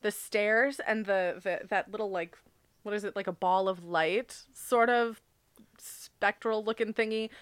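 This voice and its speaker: A woman's voice: medium pitch, fairly even intonation, a little slow, clean tone, dry recording. A young woman co-hosting a podcast, talking in an emotional, giggly way with lots of fillers about a movie. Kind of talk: casual movie discussion.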